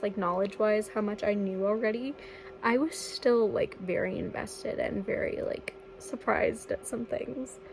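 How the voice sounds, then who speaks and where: Young woman vlogging about a book at home, kinda high voice with some vocal fry, says like a lot, faint hiss behind. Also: poor audio. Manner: chatty, says "like" a lot, swears when excited. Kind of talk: casual reading vlog.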